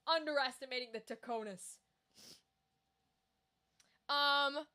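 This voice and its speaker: A woman streamer chatting casually with her viewers, animated and profane, quick to exclaim. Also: high-pitched. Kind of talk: casual livestream chat.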